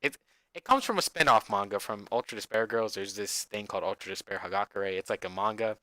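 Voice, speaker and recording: A man's voice: lowish voice, a little fast, bright, forceful tone, no echo. A man giving casual reaction commentary on a video game, laughing often and restarting words.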